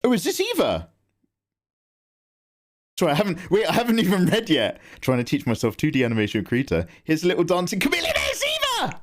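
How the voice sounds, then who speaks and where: A man talking casually to his viewers on a live drawing stream, his pitch leaping up and down whenever something delights him. He swears freely and gets excited easily. His voice sits close on the microphone. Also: a little fast, long pauses.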